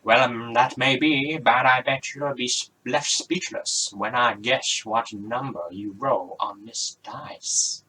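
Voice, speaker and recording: Theatrical, boastful male magician, put on by a man; booming, bright delivery. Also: fairly even intonation, slow pace, hardly any pauses, far from the mic, a little hiss or hum, low-quality recording. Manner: loud, grandiose announcements.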